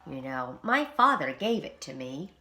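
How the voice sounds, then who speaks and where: A woman voicing a self-important aunt mouse in a storybook, speaking loudly and emphatically. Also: deep voice, big pitch swings, measured pace, exaggerated voice. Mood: emphatic.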